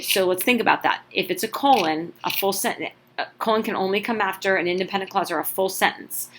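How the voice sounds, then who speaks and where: A woman's voice: lowish voice, a bit bright, slight background noise. A woman tutor giving a casual, chatty grammar lesson for test prep, informal and full of asides.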